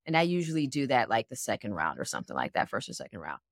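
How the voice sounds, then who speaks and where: A woman with a notably low voice explains how she trains athletes' minds. She is animated and plays out each scenario step by step. The sound is dry and close. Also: fast talker, gravelly, no room sound. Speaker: mental performance coach. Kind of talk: explanatory interview answers.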